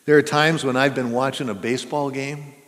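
A pastor of medium pitch and steady tone, a bit bright, preaches fairly quickly in a church sanctuary. He speaks earnestly and conversationally, asking questions of his listeners. The church hall makes the recording reverberant.

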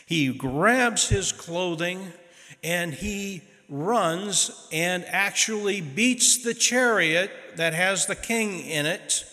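A male preacher telling a story in a folksy, dramatic way. He speaks slowly, with a fairly high, bright voice. His words ring out into a long hall reverb. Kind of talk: sermon storytelling.

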